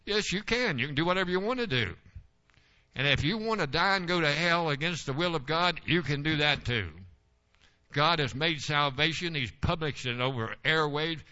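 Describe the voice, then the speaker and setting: Older male pastor, homespun sermon stories, tense bright voice, dull lo-fi recording. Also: on the high side, moderate pace. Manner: folksy storytelling, rising to forceful exhortation.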